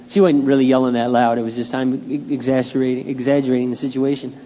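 A middle-aged male pastor preaching a sermon in a candid, conversational way, moving between quiet asides and loud bursts, in a dull lo-fi recording of a large church hall with a long echo. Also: medium pitch, flat delivery, quick pace, hardly any pauses.

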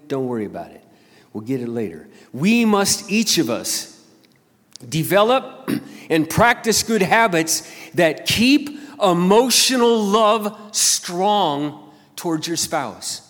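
Older male pastor, animated and higher-pitched, alternating punchy emphasis with hushed confiding asides, in a reverberant sanctuary. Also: slow. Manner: swings between loud emphatic bursts and quiet intimate asides. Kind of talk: sermon. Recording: long hall reverb.

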